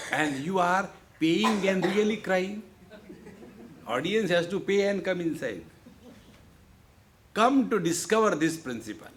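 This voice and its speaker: A man giving a humorous spiritual discourse, joking and often repeating "see, friends". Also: on the high side. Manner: jovial, repeats "see, friends", playful asides. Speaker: spiritual teacher. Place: lecture hall.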